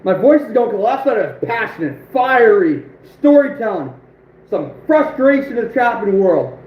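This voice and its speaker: A man in his twenties hosting an outdoors livestream, telling stories with a voice that is going hoarse, animated and emphatic, repeating phrases for punch. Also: high-pitched, reverberant, dull audio. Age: 20s. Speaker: outdoors channel host. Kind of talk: livestream storytelling.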